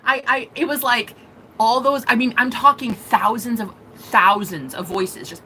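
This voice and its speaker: A young woman telling a personal story to camera in a casual, animated way, swearing and laughing often. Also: on the high side, unhurried, slight background noise, low-quality recording. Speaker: vlogger.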